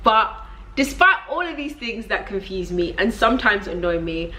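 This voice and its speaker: A woman's voice: mid-range voice, normal speed, noisy background. Exasperated, laughing Nigerian woman vlogger. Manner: animated and exasperated, often breaking into laughter. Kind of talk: comedic rant.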